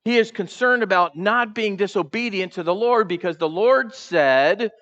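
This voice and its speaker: Animated man preaching a sermon. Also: high voice, moderate pace, hardly any pauses, highs cut off. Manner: animated, acts out the characters' voices; asks the congregation questions. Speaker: pastor. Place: church sanctuary.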